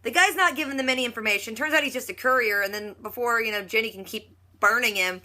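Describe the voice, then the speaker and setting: A woman recapping a TV episode in a casual, chatty vlog, acting out quotes in quick little voices. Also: on the high side, sharp tone. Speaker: reaction vlogger.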